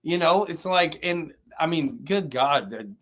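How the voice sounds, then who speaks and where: A man's voice: on the high side, lively intonation, a little slow, a bit bright. A man co-hosting a live-streamed talk show, ranting profanely and telling a story with mocking quotes. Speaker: podcast co-host. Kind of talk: heated casual rant. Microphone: live stream, remote or studio mic.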